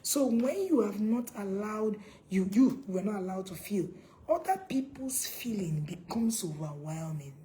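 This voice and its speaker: A woman's voice: medium pitch, expressive, a little slow, slight background noise, low-quality recording. A woman giving a preachy parenting talk to camera. She quizzes her viewers and repeats her points. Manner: preachy, asks viewers questions, repeats points, bursts into loud acted scolding. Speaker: parenting coach.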